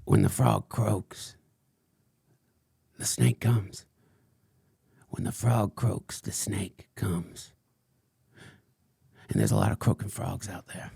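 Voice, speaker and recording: A man's voice: deep voice, very animated, fast talker, creaky, few pauses, dark tone, breathy edge, no echo, studio quality, pitched below the performer's own voice, full character voice. A man voicing an unhinged male conspiracy crank who rambles through a crude, mock-solemn tirade in a comedic character monologue. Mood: ranting.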